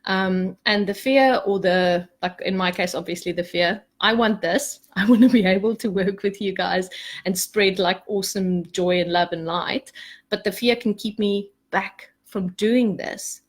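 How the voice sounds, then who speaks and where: Woman, spiritual coach, casual group talk, animated, frequent "okay?" checks, mid pitch. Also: measured pace. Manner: chatty and animated, often adds "okay?"; soft and hushed as she leads a meditation.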